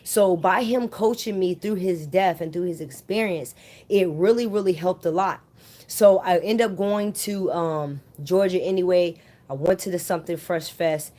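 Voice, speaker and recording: Woman vlogger, casual storytelling, chatty, fairly low voice. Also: moderate pace, mellow. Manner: chatty, addresses viewers as "you guys".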